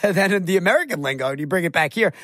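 A middle-aged man from Long Island with a Long Island accent, co-hosting a podcast in fast, joking banter. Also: high-pitched, lively intonation, sharp tone, no room sound, studio quality. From Long Island, New York. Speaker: podcast co-host. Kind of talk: casual chat.

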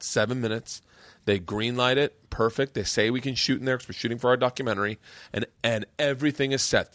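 A man's voice: on the low side, dry recording. A man hosting a podcast and telling a story in a casual, profane way, acting out the people he quotes. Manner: profane, animated storyteller who acts out quotes. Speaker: podcast host, stand-up comedian.

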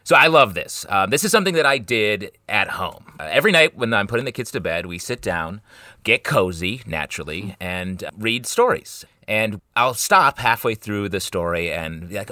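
A man co-hosting a parenting show, telling an animated bedtime story about his kids. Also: on the low side, moderate pace, no room sound, clean studio sound. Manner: animated storytelling, voices his kids' lines. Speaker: podcast co-host and father. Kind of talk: casual chat.

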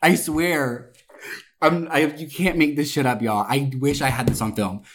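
A woman casually telling a wild story, profane and animated, with frequent laughter and swearing. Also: low-pitched, a little slow, breathy edge.

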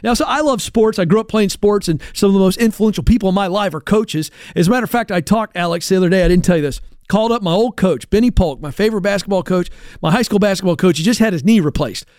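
A man's voice: sits high, quick pace, darkish tone, no room sound, clean studio sound. A man hosting a career advice show, talking emphatically and with a coach-like push. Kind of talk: energetic talk-show monologue.

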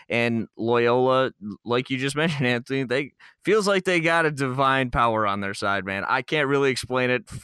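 Bright, crisp-voiced man talking sports. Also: mid-range voice, dry recording, studio quality. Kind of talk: casual sports talk.

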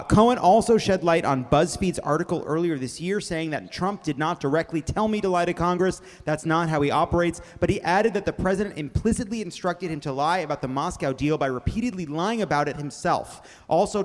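A man hosting a live comedy news rundown. His voice sits high and carries a long hall reverb. He laughs his way through the jokes. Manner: energetic, breaks into laughter. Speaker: host.

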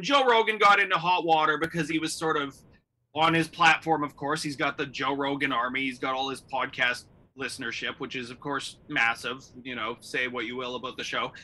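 A man's voice: on the high side, pushed and bright. A man hosting a comedy podcast, chatting casually and rambling with frequent laughs. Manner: rambling, laughs often, lots of restarts and "I mean". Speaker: podcast host.

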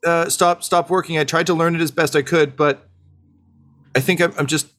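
A man's voice: on the high side, steady tone, normal speed, fairly bright tone, pitched above the performer's own voice, close to an everyday voice. A man voicing a timid, eager young male squire who stammers and gets flustered.

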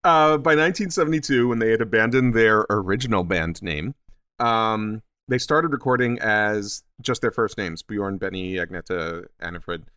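A man's voice: lowish voice, moderate pace, pushed and bright, clear, resonant tone, no echo, studio quality. A man co-hosting a podcast in casual chat, laying out a band's history and joking along. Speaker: podcast co-host.

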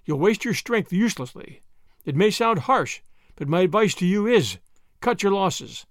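A man's voice: high-pitched, lively intonation, dry recording, studio quality. A man voicing a grave, kindly older official. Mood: sympathetic. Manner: grave, measured and kind.

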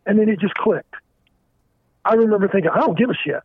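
Caller: high-pitched man, halting and frank, heard over a thin dry phone line. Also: breathy edge, no room sound. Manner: halting, frank, stumbling restarts. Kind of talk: candid confessional phone talk. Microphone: telephone.

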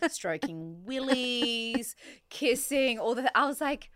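A woman's voice: fairly high pitch, lively intonation, slow pace, a bit bright. A woman co-hosting a podcast in casual chat, joking in a cheeky, bawdy way. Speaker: podcast co-host.

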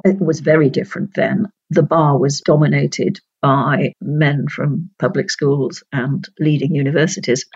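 Older woman guest, measured and precise, gravelly and husky, dry slightly dull recording. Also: low voice, no room sound. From North Yorkshire, England. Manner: measured, precise, laughs often. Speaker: guest, retired senior judge. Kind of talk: reflective interview storytelling.

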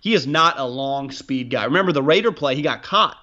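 A man's voice: mid-range voice, animated, brisk, pushed and bright, lo-fi sound. A man hosting a casual sports podcast, rambling and restarting his sentences, with frequent swearing. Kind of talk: casual sports talk with profanity.

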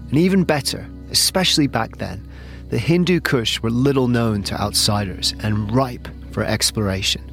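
A man reading scripted documentary narration in a measured, descriptive way. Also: mid-range voice, gravelly, fairly bright tone.

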